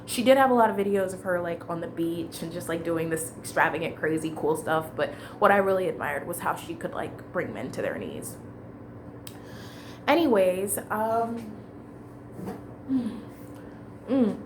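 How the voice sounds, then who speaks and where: A woman's voice: lowish voice, animated, normal speed, pauses often, background noise. A woman telling a long personal story in a casual, rambling way, with fillers and restarts.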